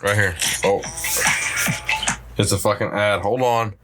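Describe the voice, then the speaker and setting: A young man co-hosting a podcast in casual chat, blunt and profane with deadpan humor. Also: lowish voice, measured pace, loud music behind the voice. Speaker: podcast co-host.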